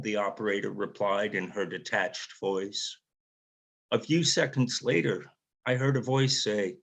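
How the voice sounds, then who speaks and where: Author reading his own memoir, unhurried, reflective narration. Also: on the low side, creaky, a bit bright. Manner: measured, reflective storytelling.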